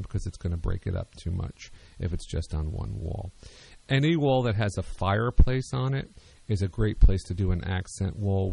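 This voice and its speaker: A man's voice: low voice, creaky, warm tone, husky. A man hosting a talk radio show, speaking loosely with many ums and restarts. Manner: rambling, hesitant with many fillers.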